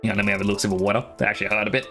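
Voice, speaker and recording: A man's voice: lowish voice, steady tone, rapid-fire, bright, forceful tone, soft background music. A man streaming live, chatting casually and rambling with laughs, his throat dry from talking for a long time.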